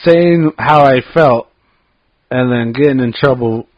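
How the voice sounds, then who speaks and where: Male co-host, mid-pitched relaxed storyteller, dry close sound, slightly dull audio. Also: slow, no room sound. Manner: relaxed, self-deprecating, hesitant with fillers. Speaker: podcast co-host. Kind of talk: casual chat, storytelling.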